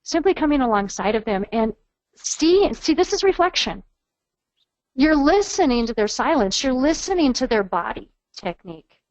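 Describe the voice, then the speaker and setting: A woman's voice: high-pitched, sing-song, moderate pace, darkish tone, no room sound, rough recording. A woman trainer giving a webinar lecture in an earnest, coaching manner, modeling phrases aloud.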